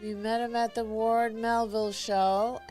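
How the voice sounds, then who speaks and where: A woman's voice: fairly high pitch, flat delivery, measured pace, a little mellow, faint music behind. A woman co-hosting a livestream with her husband, adding short, dry remarks from away from the mic. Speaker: co-host, host's wife. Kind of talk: casual livestream chat.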